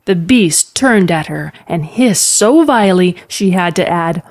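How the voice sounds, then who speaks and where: A woman narrating a fantasy story in a calm, measured storytelling manner. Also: lowish voice.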